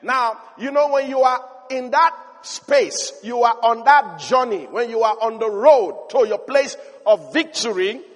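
A man preaching a sermon, telling the story with animation and building to emphatic shouts. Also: very high voice. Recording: long hall reverb.

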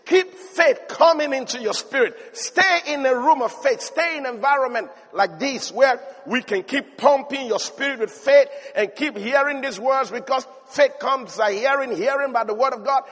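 A high-voiced male preacher delivers a lively, emphatic sermon. His voice swells into shouts of praise, and a long hall reverb trails every phrase. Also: moderate pace, few pauses. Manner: animated storyteller, rising to shouts of praise.

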